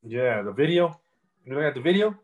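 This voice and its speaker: A man's voice: mid-range voice, sing-song, brisk, highs cut off. A young man, a rapper, telling his story in a casual interview in loose street slang full of fillers.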